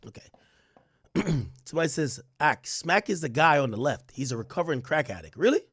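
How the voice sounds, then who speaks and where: Young dude streaming, reads chat n rants, voice jumps all over, dry sound. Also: male voice, a little high, fairly quick, breathy edge, dry recording. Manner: animated, slangy, reads chat aloud and rants. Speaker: livestream host reading chat. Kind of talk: casual livestream commentary.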